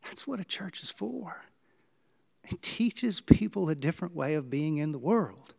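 A man preaches from the pulpit, his voice sitting a little high for a man. He tells stories with sudden swings in pitch and loudness, rising up and then dropping low. The delivery is earnest sermon storytelling. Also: big pitch swings, measured pace, gravelly, husky. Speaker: pastor.

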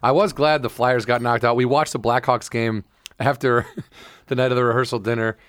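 Male podcast co-host, casual storyteller, middle pitch, dry close mic. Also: flat delivery, normal speed, a bit bright, no room sound. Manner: loose storyteller, acts out quotes with bursts. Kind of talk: casual chat.

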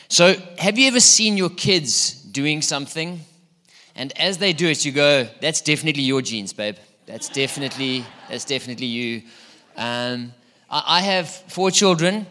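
A man's voice: a little high, bright, forceful tone. A middle-aged man preaching a sermon in a church hall, chatty and playful, quizzing his congregation. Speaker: pastor.

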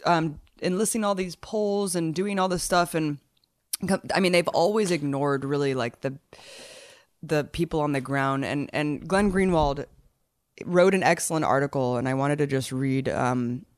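A host giving animated political commentary in casual chat. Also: female voice, low voice, moderate pace, no echo, studio quality. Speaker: show host.

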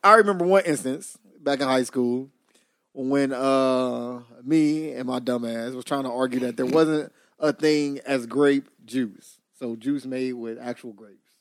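A man with a mid-pitched voice chats on a podcast, telling stories in a relaxed way. The sound is dry and close. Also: a little slow, no echo. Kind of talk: casual chat.

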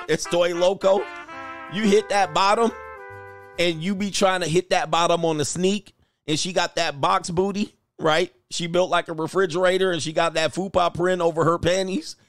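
A man's voice: high voice, fairly even intonation, moderate pace, fairly bright tone, no room sound, faint music behind. Joking slangy man streaming reactions. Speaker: host reacting to clips. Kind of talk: casual livestream commentary.

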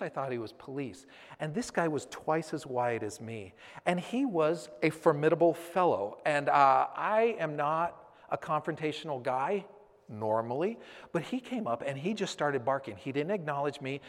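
A man in his thirties telling a personal story to a church audience, acting out the scene vividly and then turning earnest and reflective. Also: a little high. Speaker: speaker addressing a church audience. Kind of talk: personal story told from a stage. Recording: long hall reverb.

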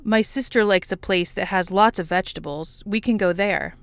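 A woman's voice: medium pitch, clear, resonant tone, dry recording, lightly acted. A woman doing a nervous, awkward nerdy man. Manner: nervous, halting, earnest.

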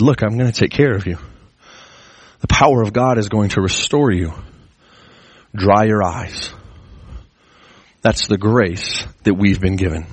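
A man preaching a sermon in an earnest way, his pitch climbing as he presses his points. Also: measured pace, long pauses, breathy edge, dry recording. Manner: earnest, rising pitch when stressing a point. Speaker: pastor.

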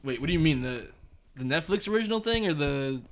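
A man's voice: fairly high pitch, expressive, fast talker. A young man co-hosting a podcast, joking and laughing in a casual chat. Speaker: podcast co-host.

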